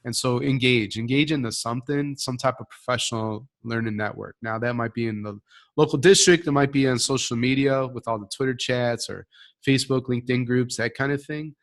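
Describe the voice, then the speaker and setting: A man's voice: medium pitch, a little fast. A man cohosting a live leadership Q&A, giving upbeat, motivational advice in numbered points. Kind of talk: live Q&A conversation.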